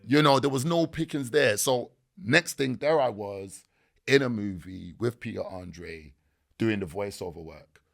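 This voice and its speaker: A man, a podcast guest telling stories in a lively, slangy way. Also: lowish voice, measured pace, creaky. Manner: animated storytelling with slang. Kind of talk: casual podcast interview.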